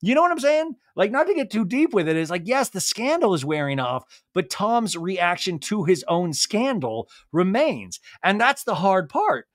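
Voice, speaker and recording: A sarcastic male podcast host recapping TV for laughs, his voice sitting high. He riffs freely, and the recording is close and dry. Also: big pitch swings, normal speed, few pauses, no room sound. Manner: sarcastic, riffing, jumps into silly impressions.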